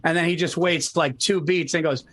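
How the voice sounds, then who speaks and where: A man's voice: a little high, normal speed. A man in casual chat, telling stories with lots of swearing and imitating people. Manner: animated storytelling, swears a lot, mimics people. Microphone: remote call.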